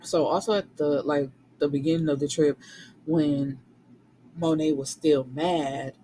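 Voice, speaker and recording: A woman recapping a romance novel for her viewers in a casual, animated way, swearing freely and talking back to the characters. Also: deep voice, measured pace, slight background noise, low-quality recording. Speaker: book reviewer.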